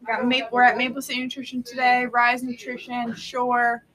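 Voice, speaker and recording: A woman's voice: a little high, completely flat delivery, moderate pace, fairly bright tone, low-quality recording. A woman hosting a casual live-stream chat with a friend, bubbly and chatty, laughing often. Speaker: host.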